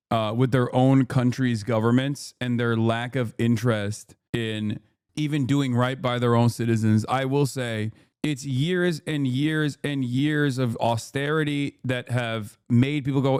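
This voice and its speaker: A man's voice: medium pitch, a little mellow, smooth, no room sound, studio quality. A man streaming, giving blunt, heated political commentary in a casual way with plenty of swearing.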